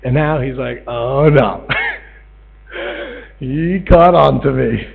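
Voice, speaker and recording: A man with a mid-range, gravelly, slightly rough voice draws out his words while giving a Torah talk as a storytelling sermon. Animated, he acts out voices in a parable and rises to pleading, captured on a tinny lo-fi recording with mains hum.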